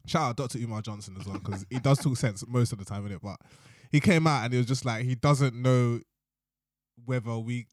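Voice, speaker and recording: A young man, chatting casually as a podcast co-host, animated, slangy and laughing often. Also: mid-range voice, brisk, no room sound, studio quality. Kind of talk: casual chat.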